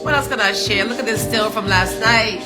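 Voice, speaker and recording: Over loud music, a woman in her morning voice hosts a casual livestream from home, greeting viewers, chatting upbeat and laughing often. Her voice is medium-pitched and moderately paced.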